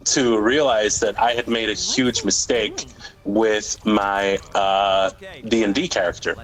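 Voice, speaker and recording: A man's voice: lowish voice, rough recording. A young man co-hosting a gaming video, telling a rambling work story in casual chat and laughing at his own tale. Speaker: gaming channel co-host. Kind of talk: casual chat over gameplay.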